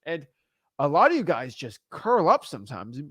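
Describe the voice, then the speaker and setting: A man who lives in Florida teaching real estate wholesaling in a blunt, energetic, casual way, repeating himself often. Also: a little high, normal speed, slightly rough, dry recording, clean studio sound.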